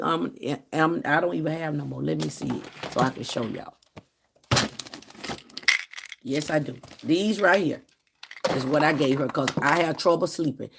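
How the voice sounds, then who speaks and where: Gravelly, husky woman telling a story. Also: low voice. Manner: animated storytelling that acts out quoted dialogue. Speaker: vlogger. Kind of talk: storytime vlog, casual.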